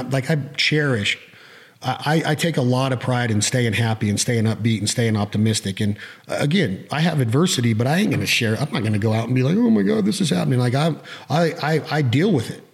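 A man's voice: mid-range voice, fairly quick. Middle aged guy on a podcast, talks a lot, acts out his own thoughts, swears casually. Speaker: podcast host.

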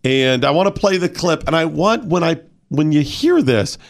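A man's voice: a little high, lively intonation, moderate pace. Man hosting talk radio, pointed questions. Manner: rhetorical, lists points and asks pointed questions. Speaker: radio talk show host. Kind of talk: casual political talk radio.

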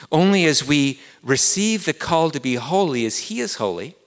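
A man's voice: medium pitch, a bit bright. English guy preaching a sermon, earnest, keeps repeating key words, echoey hall, mid voice. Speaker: pastor.

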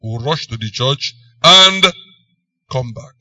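A man with a Nigerian accent preaching a sermon, emphatic, swinging between loud and soft phrases. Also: mid-range voice, lively intonation, slow pace, dry recording, far from the mic.

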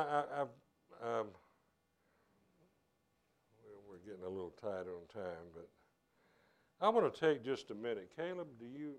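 A man delivering a Sunday sermon as pastor, speaking earnestly and conversationally. He often stumbles and restarts his phrases as he presses a point, his voice sitting at an ordinary middle pitch. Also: clean tone. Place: church service.

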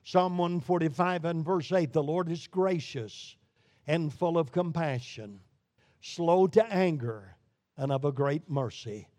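A man preaching a sermon with emphatic swings between loud declarations and hushed low lines. His voice sits fairly high for a man. The sound is close and dry, with no room around it. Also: unhurried, no echo. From Brooklyn, New York. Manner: emphatic preaching with sharp rises and drops in volume.

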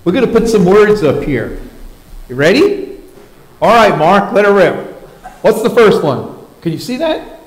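A male pastor with a fairly high voice leads a children's moment, unhurried, playful and coaxing. He speaks in an echoey church sanctuary. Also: big pitch swings.

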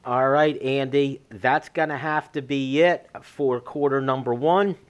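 A man's voice: mid-range voice, steady tone, unhurried, smooth. A man hosting a sports talk show, chatting casually and thinking aloud.

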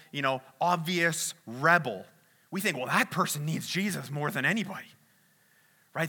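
A man's voice: a little high, pushed and bright. A man preaching a conversational sermon, often checking in with "right?" and restarting phrases. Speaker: pastor.

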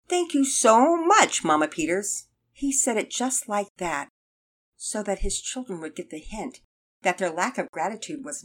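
A woman narrating a children's story aloud in an expressive, measured way. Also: on the low side.

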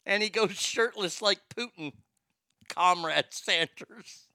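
A Texan man ranting casually about fast food, swearing a lot and stumbling over restarts. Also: sits high, pushed and bright, clear, resonant tone, no room sound, clean studio sound. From Texas. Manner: profane, rambling, stammering restarts. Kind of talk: casual rant.

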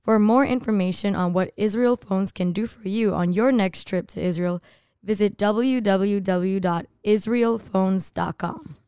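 A woman's voice: medium pitch, measured pace, dark tone, smooth, no room sound, clean studio sound. A young woman co-hosting a podcast, giggly in chat and careful when she reads ads. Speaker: podcast co-host.

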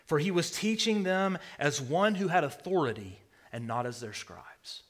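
A man preaching a sermon, swinging between loud declarations and hushed near-whispers. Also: a little high, animated, moderate pace. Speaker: pastor.

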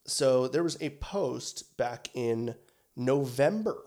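Young dude on a podcast, chatty, lots of ums, swears here and there. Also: male voice, mid-range voice, animated, slow, darkish tone. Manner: rambling, fillers, swears for emphasis. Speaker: podcast co-host. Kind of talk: casual chat.

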